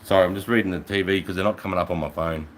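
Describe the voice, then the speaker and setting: An Australian man, a middle-aged army veteran, telling war stories on a live stream in a casual, profane, animated way. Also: low-pitched, racing, a little hiss or hum, rough recording. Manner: profane, animated, acts out voices. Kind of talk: casual storytelling.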